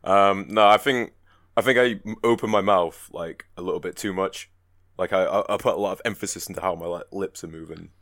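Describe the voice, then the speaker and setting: A man's voice: low-pitched, steady tone, brisk, fairly bright tone, dry recording, clean studio sound. A young man, co-hosting a podcast in casual chat, laughing often and swearing freely. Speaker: podcast co-host.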